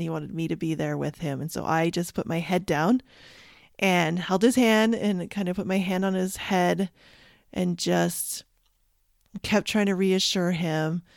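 A woman in her thirties, a podcast host, candidly telling listeners a personal story, emotional and halting at times. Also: medium pitch, gravelly, darkish tone, no room sound, clean studio sound.

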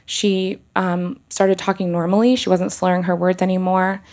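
A woman doctor telling a personal story on stage, halting and emotional, with many restarts and pauses. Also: on the low side, flat delivery, darkish tone.

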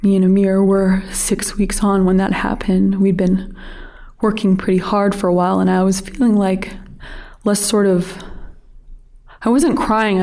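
An actress playing a female paramedic who is falling apart, telling her story in a halting, confessional monologue. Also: mid-range voice, close to an everyday voice. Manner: halting, confessional, rising to frantic yelling. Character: burnt-out female paramedic, restless and unraveling. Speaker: paramedic Anna. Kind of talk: audio drama monologue.

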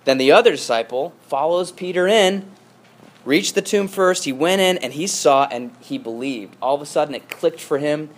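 A man's voice: on the high side, normal speed. A male pastor giving a sermon in a conversational storytelling manner, with frequent asides and restarts.

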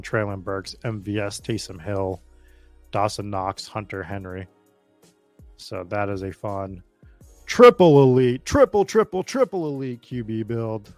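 Low-voiced man hosting a fantasy podcast. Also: no echo. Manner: animated, rattles through player lists. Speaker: podcast host. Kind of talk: casual fantasy football podcast chat.

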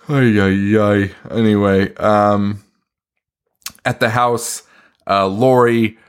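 A man's voice: lowish voice, very slow, pauses often, smooth. Laughing, swearing man recapping a movie. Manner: profane, laughing, animated retelling. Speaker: podcast co-host. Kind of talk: casual movie review chat.

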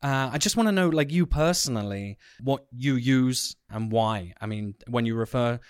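A man's voice: medium pitch, normal speed, clear, resonant tone, dry recording, studio quality. A man hosting a podcast, asking curious questions in casual chat. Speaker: podcast host.

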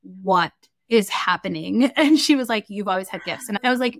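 Animated woman telling a story, dry sound. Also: on the high side, a little fast, no echo. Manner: animated, acts out quoted dialogue. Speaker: guest, Akashic record reader. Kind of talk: casual interview storytelling.

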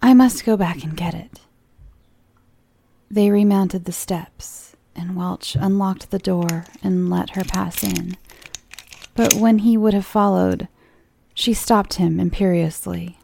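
A woman reading a horror story aloud in a hushed, near-whispered storytelling voice. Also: on the low side, fairly even intonation, slow pace, gravelly, a little hiss or hum. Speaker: narrator.

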